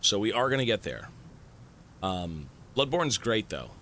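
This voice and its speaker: Bright, excitable, swearing male streamer. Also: fairly low pitch, measured pace, a little hiss or hum. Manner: excitable, swears a lot, stunned outbursts. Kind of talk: live stream chat, thanking subscribers.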